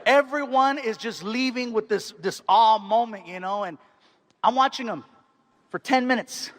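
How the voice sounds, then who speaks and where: Brief: male stand-up comic, fairly high voice, animated storytelling. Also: moderate pace. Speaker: stand-up comedian.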